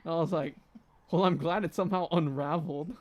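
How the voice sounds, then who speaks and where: A man's voice: on the high side, a little fast, lo-fi sound. A young man in his twenties, co-hosting a podcast, telling a story in casual chat and acting out what others said. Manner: animated, laughing storyteller acting out quotes. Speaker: podcast co-host.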